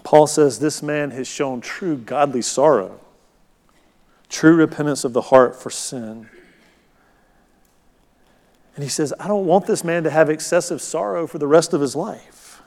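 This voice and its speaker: Brief: middle-aged man, pastor giving a sermon, slightly high voice, long church reverb. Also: measured pace, long pauses, darkish tone.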